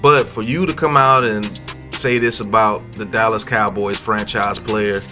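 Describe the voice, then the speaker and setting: A man hosting a sports talk channel, commenting casually on football news and reacting with drawn-out hums and asides. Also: lowish voice, fairly even intonation, music in the background.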